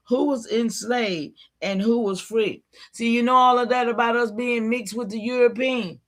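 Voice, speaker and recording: Slow-talking woman preaching to her stream. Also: on the high side. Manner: preachy, calls out to viewers, clears throat often. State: tickle in the throat. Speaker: livestream host. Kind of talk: casual livestream talk.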